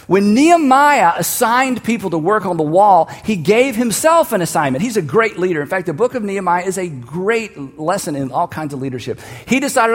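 Man preaching, high-pitched, reverberant hall, storytelling, emphatic repeated lines. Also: very animated, brisk, hardly any pauses. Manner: storytelling, building to emphatic calls for the audience to repeat. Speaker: pastor. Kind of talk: sermon.

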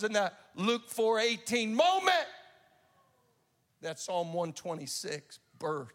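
A man with a high-pitched voice delivers an impassioned sermon. He tells the story with a rising and falling intensity, from loud cries to soft, hushed lines. His voice rings through a large hall with a long reverb tail. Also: very animated, slow pace. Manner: impassioned storytelling, swinging from shouts to hushed tones. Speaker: preacher.

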